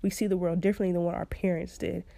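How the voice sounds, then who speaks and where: A woman's voice: fairly low pitch, little pitch movement, fast, creaky, mellow, no room sound. A young woman hosting a podcast, giving casual advice in a chatty way and laughing often. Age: young adult. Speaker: podcast host.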